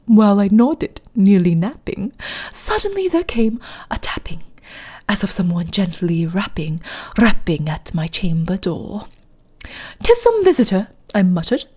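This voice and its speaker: A woman putting on a fake posh British accent to recite a gothic poem dramatically, slowly, with rolled R's and hushed, near-whispered lines. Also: a little high, voice pushed up. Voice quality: slow, drawn-out delivery with rolled R's, dropping to near-whispers. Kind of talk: dramatic poetry reading.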